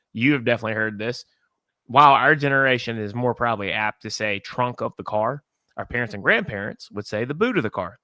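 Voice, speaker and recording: A young Southern American man co-hosts a relaxed podcast, talking through ideas with lots of asides. His voice is bright and forward, recorded dry and close with no room sound. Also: mid-range voice, no echo. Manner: chatty, explains at length with asides. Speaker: podcast co-host. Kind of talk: casual podcast chat.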